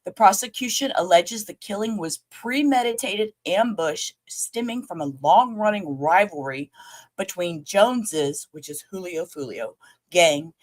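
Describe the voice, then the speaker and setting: Low-voiced lady rambling to her chat on a late night stream, casual and a bit all over the place. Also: animated, measured pace. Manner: rambling, chatty, talks straight to viewers, casual swearing. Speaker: livestream host reviewing a trial. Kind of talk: casual livestream commentary.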